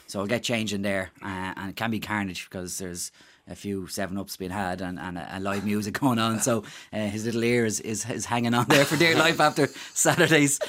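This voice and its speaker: A man's voice: on the low side, fairly even intonation, brisk, few pauses, fairly bright tone. A man with an Irish accent, a volunteer mascot performer, talking upbeat and rambling as a radio guest. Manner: rambling, upbeat, many fillers and restarts. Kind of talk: casual radio interview guest.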